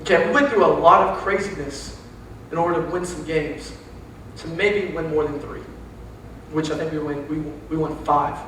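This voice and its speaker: Animated young Texan preacher in echoey hall. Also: male voice, on the high side. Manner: animated, joking, slangy storytelling. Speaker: young adult pastor. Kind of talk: casual sermon with stories. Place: large church hall. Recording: very echoey hall, distant mic, faint hiss.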